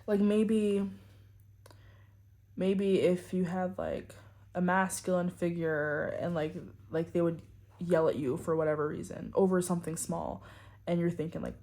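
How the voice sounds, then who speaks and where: A tarot reader with a rather low, dark voice gives her viewers a casual reading at a moderate pace and with fairly even intonation. She rambles, peppering her speech with "like" and "you know."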